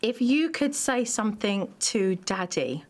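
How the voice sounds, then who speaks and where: A woman's voice: medium pitch, lively intonation, unhurried. A woman hosting as a parenting expert, talking directly and probingly with parents and children, often repeating phrases for emphasis. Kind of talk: coaching talk with parents and children.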